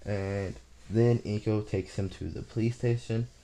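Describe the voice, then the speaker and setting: Male storyteller, deep and mellow voice, loosely improvising a fan story while working out the plot aloud. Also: steady tone, measured pace, slight background noise. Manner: thinking aloud, plotting as he goes. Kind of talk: casual improvised story retelling.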